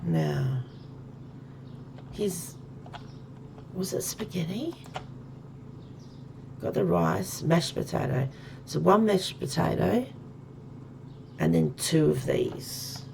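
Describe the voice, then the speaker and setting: A woman's voice: deep voice, very animated, takes it slowly, creaky, long pauses, a little mellow, a little hiss or hum. A woman chatting casually and thinking aloud as she plays a game on stream. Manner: chatty, thinks aloud while counting items. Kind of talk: casual gameplay commentary.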